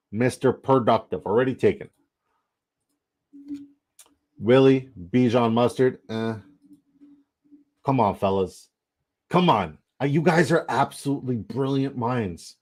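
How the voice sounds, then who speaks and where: A young man hosting a casual livestream, excitable, rambling and profane as he chats with viewers. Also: medium pitch, takes it slowly, long pauses. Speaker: livestream host.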